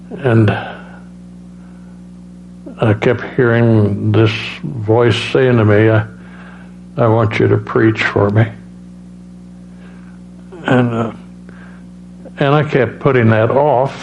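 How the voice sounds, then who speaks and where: A man giving a personal testimony as a preacher, halting, with many restarts and fillers. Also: mid-range voice, a little mellow. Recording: dull lo-fi sound with faint hum.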